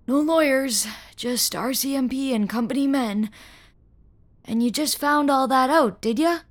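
A woman's voice: high-pitched, measured pace, pitched above the performer's own voice. A woman voicing a frail, dying older man who talks in a folksy, weary way, sighing and coughing, in a single-reader audio story. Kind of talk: audio fiction reading.

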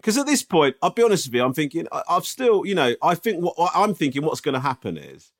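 A man's voice: on the high side, quick pace. A man in casual podcast chat, telling a story with swearing and lots of asides. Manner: animated storytelling, swears often. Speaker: podcast co-host.

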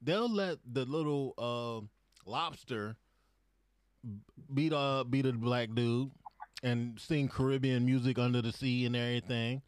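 A man hosting a casual podcast chat, talking in an animated way and laughing often. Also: mid-range voice, measured pace, clear, resonant tone, dry recording. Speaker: podcast host.

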